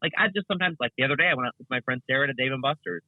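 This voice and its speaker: A man's voice: mid-range voice, very fast, no echo. A young man, a guest content creator, chatting casually in an interview, rambling with many fillers and restarts over a remote call. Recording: tinny phone-like line.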